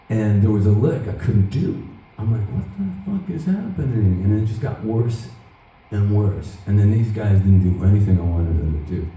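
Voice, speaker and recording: A middle-aged guitarist giving a workshop, telling loose, profane, animated stories to an audience. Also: male voice, on the low side, highs cut off, a little hiss or hum. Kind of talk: casual storytelling to an audience. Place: large event hall at a guitar show. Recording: echoey hall from far off.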